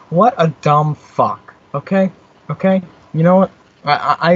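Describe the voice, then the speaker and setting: A man's voice: medium pitch, lo-fi sound, slight background noise. A young American man hosting an internet radio show, rambling through a profane, easily fired-up rant from a small home studio. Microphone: studio mic with headphones.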